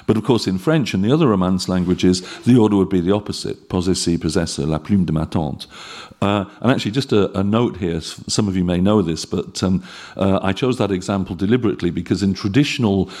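A middle-aged man giving an academic linguistics lecture, explaining in a measured way with frequent ums and uhs. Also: sits low, a little mellow.

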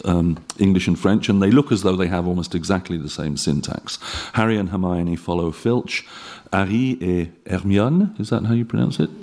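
A middle-aged man giving an academic linguistics lecture, explaining in a measured way with frequent ums and uhs. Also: sits low, a little mellow.

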